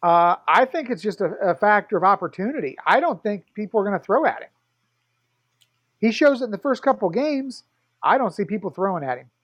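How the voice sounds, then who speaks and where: Man, high voice, confident co-host, dry dead sound, dull lo-fi audio. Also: very animated, brisk, a bit bright, no room sound. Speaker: podcast co-host. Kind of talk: casual sports podcast chat.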